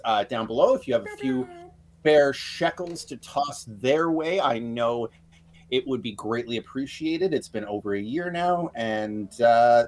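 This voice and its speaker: An upbeat man hosting a live tabletop game stream as game master, talking casually with many filler words. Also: medium pitch. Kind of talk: casual livestream chat.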